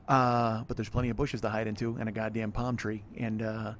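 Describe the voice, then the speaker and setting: A man's voice: lowish voice, flat delivery, brisk. A man hosting a solo podcast outdoors by an apartment pool, frustrated and swearing as he rambles. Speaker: podcast host. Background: wind and planes overhead.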